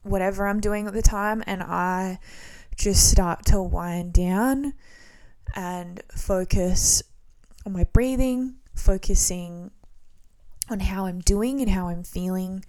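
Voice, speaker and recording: A woman in her twenties hosting a solo podcast, talking casually in a relaxed, rambling way with frequent ums and restarts. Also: medium pitch, slow pace. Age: 20s. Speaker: podcast host.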